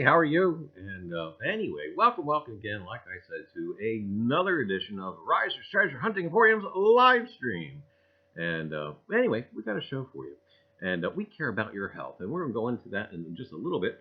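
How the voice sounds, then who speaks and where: A man's voice: mid-range voice, very animated, normal speed, breathy edge, muffled recording. A man hosting a casual livestream, joking around and greeting viewers by name, with lots of filler words. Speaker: livestream host.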